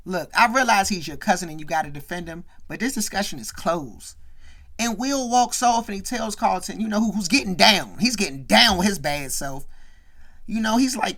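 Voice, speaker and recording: Animated woman chatting through a recap. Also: mid-range voice. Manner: chatty, fills talk with "you know" and "right"; retells scenes by quoting the characters' lines. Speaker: show host recapping a sitcom episode. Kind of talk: casual commentary recap.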